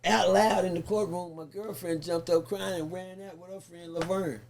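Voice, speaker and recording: A man, telling a story in a sit-down interview. He talks in an animated, profane way and acts out the people he quotes. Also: high voice, normal speed, creaky. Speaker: guest.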